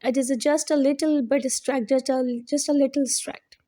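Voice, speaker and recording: A woman teacher, explaining a lesson slowly step by step, often repeating herself. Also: high voice, fairly even intonation, warm tone. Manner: slow, explaining step by step with repetitions. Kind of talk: classroom lesson on limericks.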